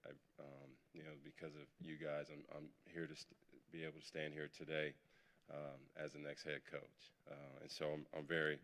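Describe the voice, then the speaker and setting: A man speaking as the new head coach at a press conference, halting and filler-heavy, moved. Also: a bass voice, fairly bright tone. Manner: halting, with many fillers, emotional. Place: press conference podium in a hall.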